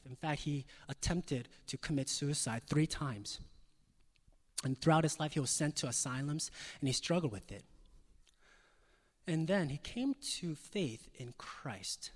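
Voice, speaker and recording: Male pastor, emphatic sermon delivery with loud peaks and soft drops, somewhat high voice, reverberant sanctuary. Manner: emphatic, swings from loud stresses to soft near-whispers.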